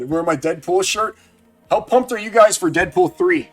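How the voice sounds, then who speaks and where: A fairly high-voiced man chatting live with his viewers as he plays a card game. He thinks out loud, jumps into loud excited outbursts, and keeps up a running commentary. Faint music plays under his voice. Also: moderate pace. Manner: excitable, talks to chat, thinks aloud. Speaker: game streamer. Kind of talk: casual live-stream chat.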